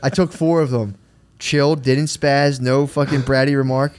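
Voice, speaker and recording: A man's voice: mid-range voice, steady tone, moderate pace, darkish tone, smooth. Swearing man, chatty "dude" storyteller. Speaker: podcast co-host. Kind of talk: casual chat.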